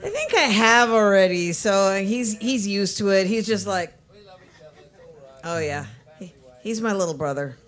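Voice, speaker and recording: A regular at a coffee shop open mic, chatting casually from the stage with quick self-correcting asides. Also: mid-range voice, big pitch swings, a bit bright.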